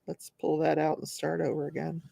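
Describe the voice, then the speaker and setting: A woman's voice: low voice, little pitch movement, fairly quick, vocal fry, warm tone, breathy edge, no echo. A woman in her forties hosting a live crafting stream, chatting casually, often laughing and reading viewer comments aloud. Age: 40s. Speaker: host of a live crafting show.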